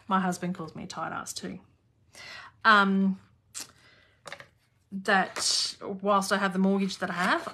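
Chatty Australian woman on a noisy stream. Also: mid-range voice. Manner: chatty, laughs often, talks while working. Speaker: craft demonstrator hosting a live class. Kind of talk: casual live-stream chat while crafting. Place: home craft room at her desk.

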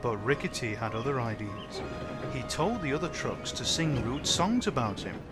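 A man narrating a children's train story in a lively storytelling way, doing every character himself. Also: mid-range voice, normal speed. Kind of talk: storybook narration of a fan-made train tale. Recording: music playing under the voice.

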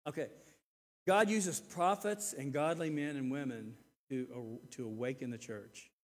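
A man in his sixties preaching a sermon, earnest and repeating words, swinging between loud emphasis and quiet asides. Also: medium pitch, measured pace. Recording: reverberant church hall.

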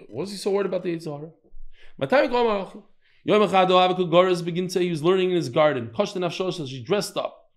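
A man with a slightly high voice teaches a daily Talmud class, telling stories with lively acted-out quotes and sprinkling in Hebrew and Yiddish terms.

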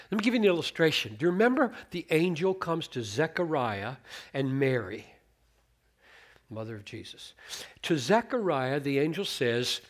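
Earnest and animated, a middle-aged man preaches on scripture in a fairly high-pitched voice, reciting verses and changing where he puts the stress.

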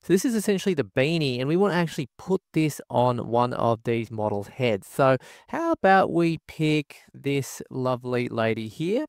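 A man's voice: medium pitch, big pitch swings, moderate pace, clear, resonant tone, no room sound, clean studio sound. A man giving an enthusiastic product walkthrough as a tech reviewer, packing nearly every sentence with "guys" and "folks". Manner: enthusiastic, says "guys" constantly. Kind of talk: screen-recorded product walkthrough.

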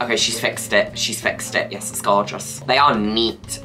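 A woman's voice: very deep voice, fairly even intonation, normal speed, music in the background. A woman hosting a reaction video, cheering and teasing with camp exclamations and playful swearing. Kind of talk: reaction commentary.

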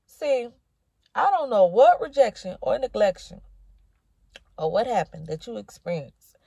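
Woman preacher, high animated voice, fired up and repeating herself, dry close sound. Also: measured pace, vocal fry, slightly rough, no echo. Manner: impassioned, rhythmic repetition, calls listener honey and baby. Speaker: minister giving a prophetic word. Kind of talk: preaching to camera.

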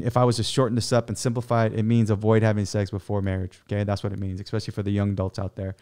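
A man's voice: lowish voice, a little mellow. Earnest man preaching with fillers. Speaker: webinar host. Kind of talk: Catholic teaching talk.

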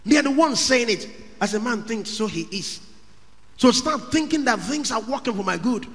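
A male pastor preaches with fervour, his high voice swooping across a wide range and breaking into shouted peaks. His tone is bright and forceful. The sound rings with the long reverb of a large hall. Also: expressive, moderate pace. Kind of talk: sermon.

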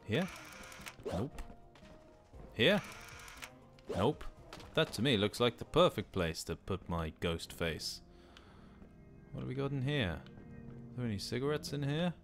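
A man's voice: medium pitch, big pitch swings, takes it slowly, long pauses. A middle-aged man with a sweary, joking way of talking to himself as he comments on a game he is playing. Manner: sweary, jokey, talks to himself. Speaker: let's play host. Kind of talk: casual gameplay commentary. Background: background game music.

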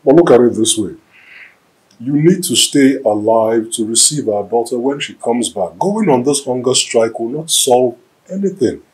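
A devout Nigerian husband gently pleading with his grieving wife in a film drama. His mid-pitched voice rises and falls a lot as he coaxes and reassures. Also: expressive, moderate pace, breathy edge. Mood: reassuring.

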